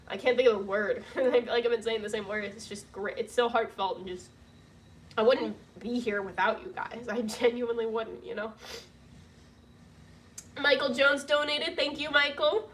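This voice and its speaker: High-voiced young woman, distant mic. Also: a bit bright. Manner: emotional, laughing through tears, gushing. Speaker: vlogger reading donation messages. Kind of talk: casual livestream chat. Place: home room with roof work banging.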